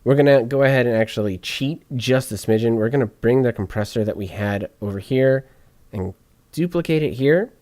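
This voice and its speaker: A man walking through podcast audio editing out loud, chatty and joking to himself as he works. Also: fairly low pitch, no room sound. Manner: chatty, jokey asides while working. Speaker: podcast editor streaming his editing session. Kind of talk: casual on-screen tutorial talk.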